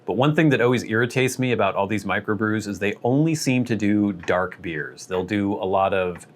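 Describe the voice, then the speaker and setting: Man, lowish voice, casual storytelling, wry, rambling, self-deprecating. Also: moderate pace. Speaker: vlog host.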